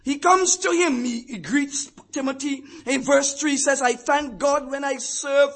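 A fervent older man preaches, his voice sitting unusually high for a man. He drops into quiet, confiding asides, then rises to ringing shouts to drive a point home. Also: a little slow. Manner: fervent, swinging from hushed asides to shouted declarations. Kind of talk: sermon.

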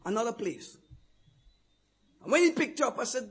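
High-voiced fervent preacher. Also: male voice, animated, normal speed, pauses often, slightly rough. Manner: fervent, swinging from hushed asides to shouted declarations. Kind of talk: sermon.

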